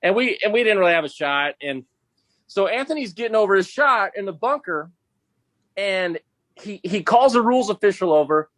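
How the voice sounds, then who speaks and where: A professional golfer, appearing as a podcast guest, tells a story in a laid-back, casual way, sprinkling in plenty of "dude" and "bro." His voice is high and fairly bright, with lively intonation and a normal pace. The recording is dry.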